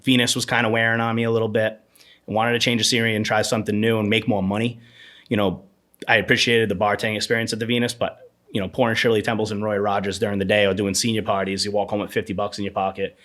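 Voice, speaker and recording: A man in his thirties, a podcast guest, telling rambling animated anecdotes about his bartending years in a casual interview. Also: on the low side, fast.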